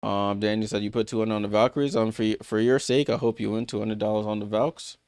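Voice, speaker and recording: A man hosts a live sports watchalong, recapping scores casually with lots of fillers and restarts and answering viewers by name. His voice is lowish, steady, darkish, clear and resonant, delivered at a quick pace with no room sound.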